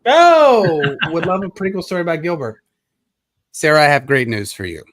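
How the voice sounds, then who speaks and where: A man who is an author, speaking earnestly and reflectively at a live launch event over a video call, with pauses and filler words. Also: fairly high pitch, sing-song, fairly bright tone.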